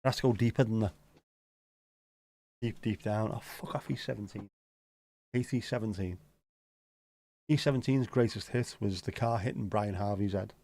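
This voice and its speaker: A man's voice: lowish voice, moderate pace, long pauses, darkish tone. A man with a Scouse accent hosting a casual livestream, rambling and joking as he answers viewer comments, swearing now and then. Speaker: livestream host.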